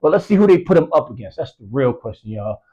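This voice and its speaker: A man's voice: medium pitch, very animated, fast, dark tone, dull audio. A man giving casual boxing commentary, rambling with lots of fillers and street slang, from the US East Coast. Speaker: boxing news vlogger.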